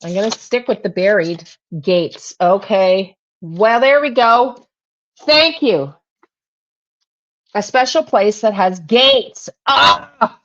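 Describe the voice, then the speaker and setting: A woman's voice: medium pitch, measured pace, muffled recording. A woman hosting a true crime channel, talking to herself while she pulls tarot cards and repeats her questions to spirit.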